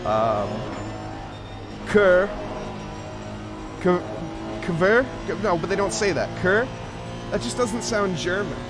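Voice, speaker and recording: A man's voice: high-pitched, big pitch swings, normal speed, few pauses, music in the background. A man commentating a live sim racing event, joking about himself and laughing often. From English-speaking. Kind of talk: live esports race commentary.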